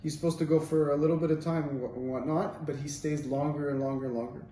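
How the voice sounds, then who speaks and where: A Torah teacher gives an informal talk, telling stories in a casual, rambling way full of fillers. His voice is on the high side, warm, and fairly even in intonation, and he talks fast. The recording is roomy, with a distant mic and faint ambience.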